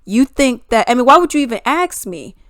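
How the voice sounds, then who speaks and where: A woman's voice: fairly high pitch, very animated, brisk, fairly bright tone, no room sound, clean studio sound. A young adult woman vlogging an opinionated monologue, emphatic and full of rhetorical questions.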